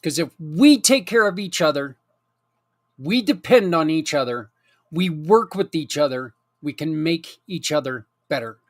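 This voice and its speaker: A man hosting a community show, making a heartfelt, plain-spoken appeal and sounding close to tears. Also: on the high side. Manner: earnest, emotional, plain-spoken pleading. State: near tears. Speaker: host and nonprofit founder.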